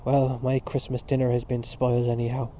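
A man doing a loud, scornful blustering father. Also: mid-range voice, monotone, brisk, muffled recording, slight background noise, natural voice. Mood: grumbling. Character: bitter, blustering middle-aged Irish father.

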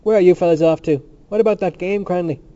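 A man voicing a suave, mocking young male student who speaks smoothly and ironically, in a muffled recording. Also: a little high, steady tone, quick pace, dark tone, lightly acted.

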